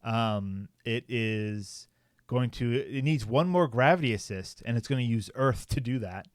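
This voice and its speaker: A man's voice: mid-range voice, unhurried, no room sound, studio quality. A man co-hosting a podcast, casually reading a news article aloud, with frequent fillers and joking asides. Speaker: podcast co-host.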